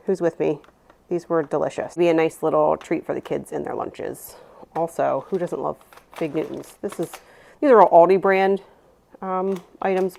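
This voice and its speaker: Woman, 30s, lower pitched, chatty, rambling, casual haul narration. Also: creaky, a little mellow. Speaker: vlogger, mother.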